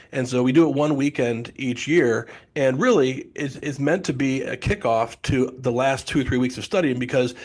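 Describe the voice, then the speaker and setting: A middle-aged man talks in a loose, rambling storytelling style, full of asides and self-corrections. His voice sits at an ordinary, middle pitch for a man. He sounds like a guest on a relaxed podcast explaining his business. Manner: chatty storyteller, many restarts and asides. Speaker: guest, founder of test prep company. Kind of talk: casual podcast interview.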